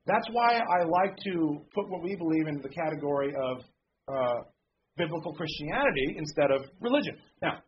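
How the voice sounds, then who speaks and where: Conversational pastor, slightly high voice. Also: male voice. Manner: conversational, frequent "okay?" check-ins; reads scripture slowly and deliberately. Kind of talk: sermon. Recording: dull lo-fi sound with faint background noise.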